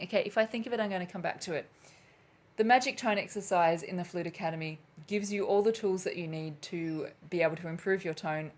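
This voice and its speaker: Chatty woman flute teacher, slightly low voice. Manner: chatty, laughs at herself, loses her train of thought. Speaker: flute teacher hosting a live Q&A. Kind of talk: live-streamed lesson, casual and chatty. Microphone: camera mic on a live stream.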